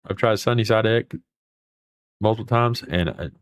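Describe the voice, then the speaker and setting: Hosting a livestream, this man reads viewer comments and reacts in a rambling, folksy way, swearing mildly now and then. His voice is lowish and his pace normal, captured with studio quality and no room sound.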